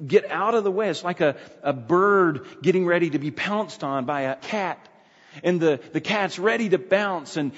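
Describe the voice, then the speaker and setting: A man's voice: a little high, breathy edge. A man preaching an expository sermon, emphatic, repeating key phrases and often restarting sentences. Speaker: pastor. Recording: dull sound with long hall reverb.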